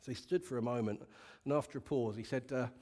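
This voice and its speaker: A man's voice: medium pitch, fast, darkish tone. A male pastor giving a sermon to a congregation, telling a story in a candid, conversational way and asking the room questions. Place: church hall with a congregation.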